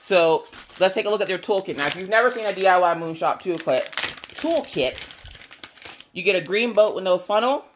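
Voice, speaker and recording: A woman hosting a casual unboxing video, chatty and enthusiastic, her voice squeaky today. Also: animated, normal speed, a little hiss or hum. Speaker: crafting video host.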